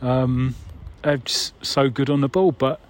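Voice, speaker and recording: A man of middle pitch talks through a casual voicemail in a loose, conversational way. He swears mildly and sounds wry. A faint hum sits behind his voice. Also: fairly even intonation, unhurried. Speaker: caller leaving a voicemail.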